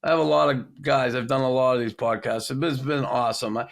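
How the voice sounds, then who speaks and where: Gravelly man hosting. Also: mid-range voice, steady tone, fast talker. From Boston area. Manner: blunt, profane, rambling. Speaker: podcast host. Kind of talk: casual chat.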